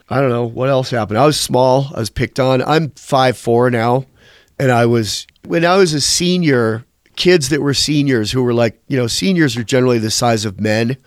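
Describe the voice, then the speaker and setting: A man in his fifties, a former band bassist, telling candid, profane stories in a rambling interview. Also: moderate pace, no echo, studio quality.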